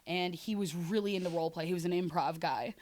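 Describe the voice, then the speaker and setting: A woman's voice: on the low side, fast, darkish tone. A woman comedian telling rambling stories in casual podcast chat, laughing through her own punchlines. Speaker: stand-up comedian, podcast guest or co-host. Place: podcast studio.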